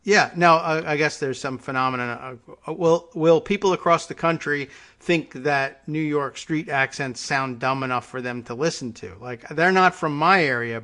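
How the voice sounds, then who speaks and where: Brief: male talk host, bright tense tone, easygoing and agreeable. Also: medium pitch, moderate pace, hardly any pauses. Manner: agreeable, chuckling, trails off. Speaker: political talk show host. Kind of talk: casual political chat.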